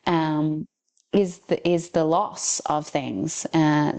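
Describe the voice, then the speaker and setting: Low-pitched woman guest who speaks haltingly and searches for words in a casual spiritual talk. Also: a little mellow. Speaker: podcast guest.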